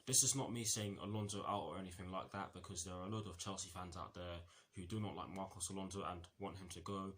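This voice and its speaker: A man's voice: sits low, fairly even intonation, fast, few pauses, a bit bright, a little hiss or hum. A man giving a casual football match review, rambling with many fillers, false starts and self-corrections.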